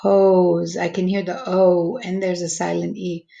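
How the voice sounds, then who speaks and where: A woman teacher slowly walking young students through a phonics lesson, stretching out each word's sounds. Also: fairly low pitch, little pitch movement, gravelly, warm tone, highs cut off. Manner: slow, patient, stretching out each word sound.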